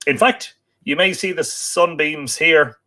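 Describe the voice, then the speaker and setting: A man's voice: fairly high pitch, a little slow, sharp tone. An Irish man hosting a live stream from his home library, reading out viewer comments in a chatty, teasing way with frequent fillers. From Ireland.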